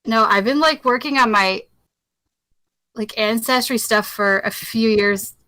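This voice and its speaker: Woman, bright voice, dry sound, chatty and rambling, video call. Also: a little high, a little slow, no echo. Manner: chatty, rambling, laughs often. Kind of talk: casual group chat.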